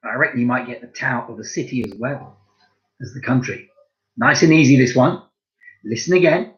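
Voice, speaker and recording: A man's voice: medium pitch, normal speed, dull audio. A man giving a home-learning lesson to young children, talking straight to his pupils and praising them a lot. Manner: lively, encouraging, speaks directly to pupils. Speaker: primary school French teacher.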